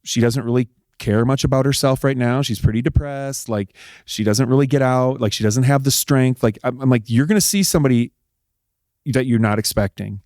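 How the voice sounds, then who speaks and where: A middle-aged man, an interview guest telling a personal story in a casual, animated way and acting out what people said. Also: medium pitch, a little fast, dry recording, clean studio sound. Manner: animated, acts out quoted dialogue. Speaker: interview guest, husband of a politician.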